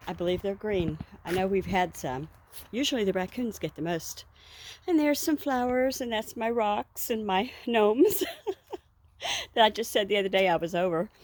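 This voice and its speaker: A woman's voice: mid-range voice, expressive, normal speed, darkish tone, slight background noise. A woman chatting casually in a vlog while walking outdoors through her garden, rambling and laughing now and then, a little out of breath. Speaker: vlogger.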